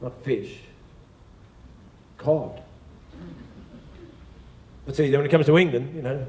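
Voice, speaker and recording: A man's voice: mid-range voice, steady tone, measured pace, pauses often, warm tone, slight background noise. Swearing Australian man doing stand-up. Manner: profane, rambling storytelling. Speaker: stand-up comedian. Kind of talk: stand-up comedy routine. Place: large exhibition hall stage. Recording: echoey live venue recording.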